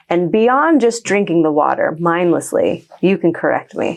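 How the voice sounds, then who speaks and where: A woman's voice: on the low side, very animated, normal speed, vocal fry, hardly any pauses, a little mellow. A woman co-hosting a podcast, telling stories in a meandering, earnest way. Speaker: podcast co-host. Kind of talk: casual podcast chat.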